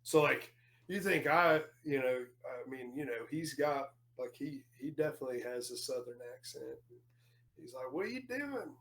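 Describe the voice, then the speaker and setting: A man's voice: mid-range voice, fairly even intonation, moderate pace, a bit bright. A man telling stories in casual podcast chat, rambling with many fillers and restarts.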